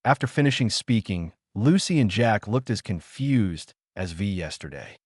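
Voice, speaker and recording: Lively low-voiced male audiobook narrator. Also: moderate pace, breathy edge, dry recording, studio quality. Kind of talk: scripted narration.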